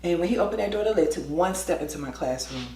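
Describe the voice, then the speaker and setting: A woman telling a school story in a lively vlog style, acting out the voices with quick asides. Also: on the low side, echoey room, slight background noise. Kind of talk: storytime vlog, animated retelling.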